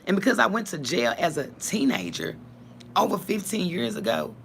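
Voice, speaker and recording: A woman vlogger, talking bluntly to her viewers, cursing and swinging between calm and heated. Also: medium pitch, normal speed, creaky, a little hiss or hum. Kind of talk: casual talk to viewers.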